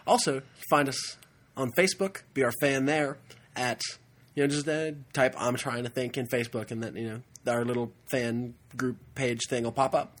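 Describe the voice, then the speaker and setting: Husky-voiced male podcast co-host. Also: mid-range voice, normal speed. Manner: relaxed, dry teasing. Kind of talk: casual chat.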